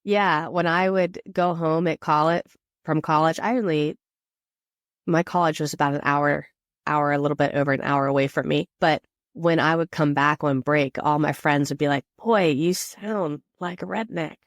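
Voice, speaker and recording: A woman's voice: sits low, fairly even intonation, moderate pace, no room sound, studio quality. A woman from rural Pennsylvania, a guest on an interview podcast, talking casually and earnestly. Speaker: guest, veterans nonprofit leader.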